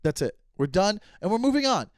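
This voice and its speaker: Fired-up man ranting, high voice. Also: very animated, brisk, no room sound, studio quality. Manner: profane, heated ranting, swings loud to muttered. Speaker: comedian podcast host. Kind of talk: solo podcast rant. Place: Los Angeles.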